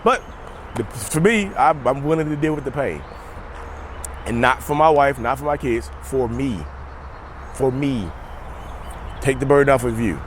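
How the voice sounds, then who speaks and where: A man's voice: mid-range voice, animated, a little slow, pauses often, a little hiss or hum. A man talking off the cuff outdoors to his viewers, rambling and joking as he goes. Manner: rambling, jokey, addresses viewers as y'all. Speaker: mental health vlogger. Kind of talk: casual unscripted monologue to camera.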